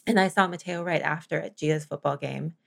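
Woman, low gravelly voice, animated storyteller in casual chat. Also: brisk. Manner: animated storyteller, laughs often.

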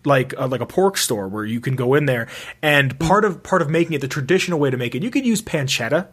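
A man's voice: medium pitch, lively intonation, fast talker, a bit bright, husky. A young man chatting casually as a podcast co-host, rambling with lots of "like" and restarts. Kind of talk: casual chat.

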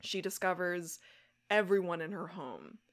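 A young adult woman co-hosting a podcast, recapping a show episode in casual chat, animated and laughing as she acts out quoted lines. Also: on the low side, a little slow. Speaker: podcast co-host.

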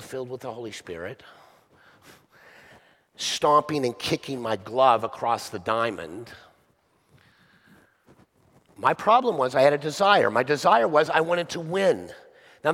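A man's voice: mid-range voice, sing-song, unhurried, long pauses, a bit bright, breathy edge, in a large hall. A male pastor preaching a sermon conversationally, often asking the listeners rhetorical questions.

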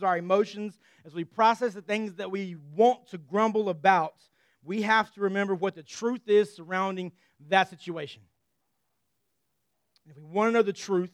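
High, clear-voiced male preacher. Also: fairly bright tone, no room sound, clean studio sound. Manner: earnest and conversational, with light humor. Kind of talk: sermon.

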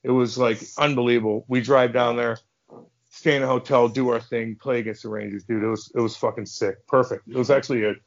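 The recording is muffled, and the man speaks briskly at a medium pitch. A podcast guest who used to be a hockey enforcer, he tells profane, casual stories with animation, acting out the voices of those in them.

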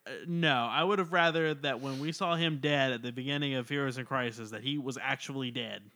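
Man, mid-pitched, bright voice, blunt laid-back podcast co-host. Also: fairly even intonation, a little fast. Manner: blunt, laid-back, mostly short agreements. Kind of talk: casual comic book review chat.

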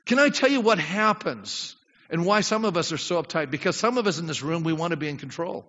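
A man's voice: a little high, expressive, fairly quick, a bit bright. A middle-aged man preaching a sermon as pastor, talking conversationally, asking the congregation questions and acting out prayers. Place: church sanctuary with congregation. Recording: dull sound with long hall reverb.

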